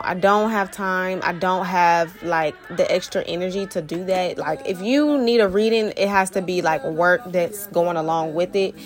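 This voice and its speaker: Young woman vlogging, super casual and chatty, lots of um's and slang, a bit out of breath. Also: lowish voice. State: slightly out of breath. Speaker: Vodou practitioner and spiritual mentor. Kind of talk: casual vlog talk to viewers.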